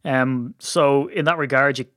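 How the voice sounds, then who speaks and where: A man hosting a sports podcast in casual chat, jokey and teasing, feeling a bit rough. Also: mid-range voice, a bit bright, no room sound, studio quality. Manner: chatty, jokey, quick to tease. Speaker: podcast host.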